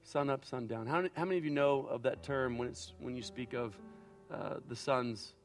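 A man preaching a sermon as pastor, swinging between loud acted-out quotes and quiet, reflective passages. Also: medium pitch, moderate pace, soft background music.

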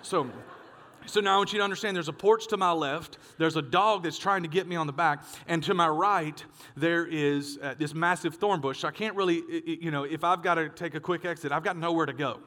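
A male pastor preaching a sermon, telling a story with lively acted-out voices. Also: a little high, brisk, big-room sound. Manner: animated storyteller, acts out dialogue.

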